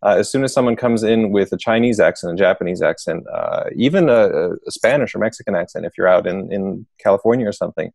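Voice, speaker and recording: Male guest author, low gravelly voice, dry close sound, explanatory. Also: fast talker, hardly any pauses, a little mellow, no echo. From United States. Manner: thoughtful, explanatory, frequent fillers. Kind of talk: casual interview.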